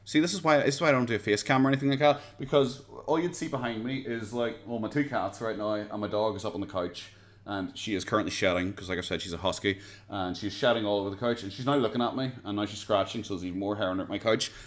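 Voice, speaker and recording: A man's voice: fairly low pitch, steady tone, fast. An Irish man hosting a casual reaction livestream from home. He rambles and chats, laughs often and swears casually, speaking into a desk condenser mic. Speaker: livestream host. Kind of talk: casual reaction stream chat. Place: home, pets nearby. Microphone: USB condenser desk mic.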